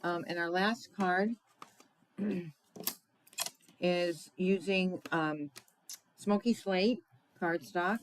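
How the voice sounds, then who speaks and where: Woman demoing card crafts, slow and easygoing, chatty, laughs off her mistakes. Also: on the low side, steady tone, slight background noise, poor audio. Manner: chatty, unhurried, often asks "right?"; laughs at own slips. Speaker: crafting demonstrator. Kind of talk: card-making tutorial demo.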